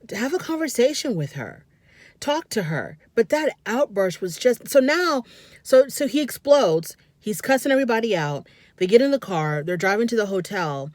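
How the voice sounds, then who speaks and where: A woman commenting on a reality show in a casual, animated way, often scolding the people on it directly. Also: a little high, normal speed, no room sound. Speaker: reality TV reviewer.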